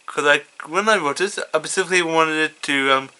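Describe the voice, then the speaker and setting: A man casually reading his own fan story, halting and stuttering with many fillers. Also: fairly high pitch, pushed and bright, clean tone. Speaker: fan fiction reader.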